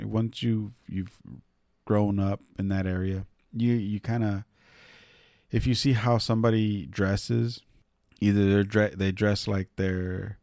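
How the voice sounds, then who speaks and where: A man's voice: on the low side, a little mellow, no echo, clean studio sound. A man from Northern California telling a casual, rambling story, swearing freely and using many fillers.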